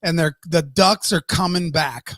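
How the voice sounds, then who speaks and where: A man's voice: on the high side, unhurried, fairly bright tone, no echo. Male podcast co-host, ranty and profane, bone-dry close mic. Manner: ranting, swears freely. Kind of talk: casual live-stream chat.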